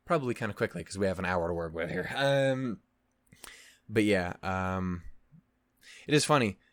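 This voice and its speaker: A man's voice: fairly low pitch, clean tone, no echo, clean studio sound. Rambling, swearing male reaction host. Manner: rambling, profane, frequent restarts and fillers. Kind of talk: casual commentary.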